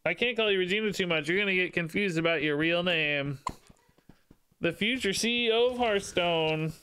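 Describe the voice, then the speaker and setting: A man's voice: normal speed, sharp tone, a little hiss or hum. A man streaming a card game live, chatting casually and cooing in baby talk between his commentary on the game. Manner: bouncy, sing-song pitch jumps.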